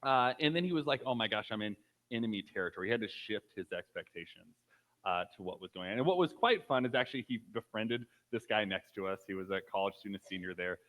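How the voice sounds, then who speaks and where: A man's voice: lowish voice, lively intonation, quick pace, a bit bright, poor audio. A man in his thirties giving a casual, conversational sermon, telling a personal story with frequent fillers. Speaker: pastor.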